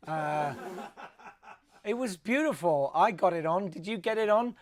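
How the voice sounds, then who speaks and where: A man's voice: high-pitched, lively intonation, measured pace. A man hosting a live comedy web show, rambling and self-mocking with mock-grand outbursts.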